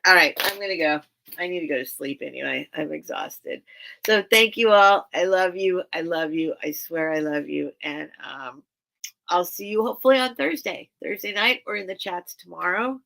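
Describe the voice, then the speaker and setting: Gravelly, bright-voiced woman chatting on a livestream. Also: fairly low pitch, normal speed. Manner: rambling and earnest, many restarts. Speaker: livestream seller and host. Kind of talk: casual livestream chat with viewers.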